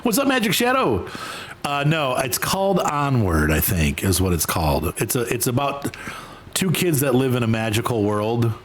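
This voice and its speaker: A man's voice: mid-range voice, huge pitch swings, normal speed. A man hosting a game stream, chatting casually and rambling between tasks, sometimes jumping into exaggerated voices. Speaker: gaming streamer host. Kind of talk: casual chat while playing a game.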